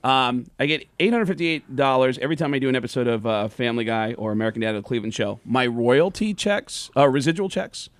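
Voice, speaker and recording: A man's voice: medium pitch, quick pace, few pauses, no room sound. A man, a comedian guest in a radio studio, telling stories and acting out the dialogue. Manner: animated storyteller who acts out dialogue. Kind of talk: casual radio studio chat. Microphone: studio microphone. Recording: dry studio sound.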